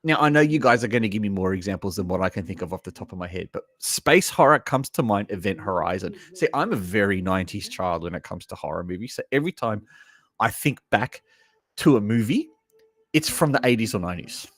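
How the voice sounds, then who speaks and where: On a casual live stream, an Australian man reacts to trailers and chats with his viewers, throwing in lively asides. His voice is on the low side and a little fast.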